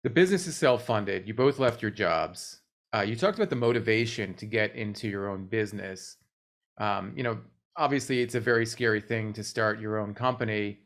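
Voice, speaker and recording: A man interviewing a guest in a measured, supportive manner. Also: fairly low pitch, a bit bright.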